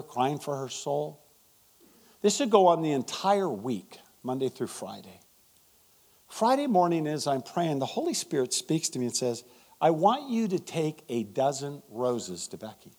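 Animated male preacher telling a story. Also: on the high side. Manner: animated storytelling, drops to near whispers, builds to emphatic exhortation. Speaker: guest pastor. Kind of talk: sermon with storytelling. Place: church.

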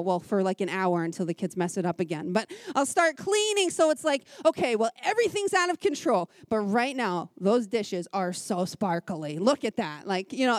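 A woman in her thirties giving a personal testimony at a church women's gathering, telling her story in an animated, conversational way with quick asides and an earnest, heartfelt tone. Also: on the high side, no room sound, studio quality.

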